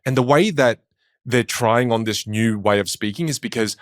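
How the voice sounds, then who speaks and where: A man's voice: medium pitch, moderate pace, no room sound, clean studio sound. A man who works as a communication coach, talking in a podcast conversation and animatedly acting out the voices he quotes.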